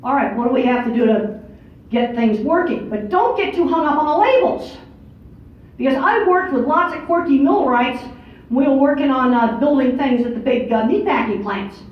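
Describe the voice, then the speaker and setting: A woman's voice: high voice, expressive, moderate pace. Blunt older woman lecturing in echoey hall. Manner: blunt, matter-of-fact, emphatic. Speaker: speaker giving a lecture. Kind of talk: conference talk. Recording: far-off echoey hall, dull lo-fi audio.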